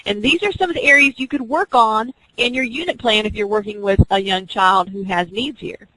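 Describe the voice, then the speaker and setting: A woman's voice: mid-range voice, brisk, pushed and bright, no echo, rough recording. A woman teaching an online class, explaining reading skills step by step and acting out teacher and student examples. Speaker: teacher educator.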